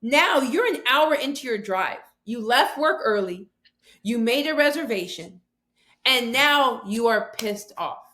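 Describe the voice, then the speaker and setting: Woman on a podcast telling a story, kinda high voice, does both sides of the convo. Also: animated, unhurried, sharp tone. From southwestern United States, near the Mexican border. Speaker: guest, author and speaker. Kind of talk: conversational interview storytelling.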